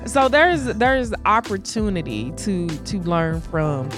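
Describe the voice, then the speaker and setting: A woman's voice: mid-range voice, sing-song, slow, music in the background. Playful woman co-hosting a podcast. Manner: playful, laughing, teasing. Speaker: podcast co-host. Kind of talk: casual chat.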